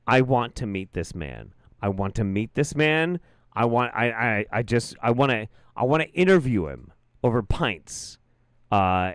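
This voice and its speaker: A man's voice: medium pitch, clear, resonant tone, no echo, studio quality. A man hosting a show, giving amused, profane casual commentary on a clip he is watching. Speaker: host reacting to a clip.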